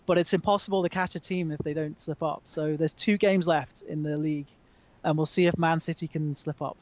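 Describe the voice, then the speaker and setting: A man's voice: on the high side, fairly even intonation, a little fast, muffled recording. A British man, a magazine editor, chatting hesitantly with many ums as a call-in guest. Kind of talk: casual chat over a call. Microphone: remote call.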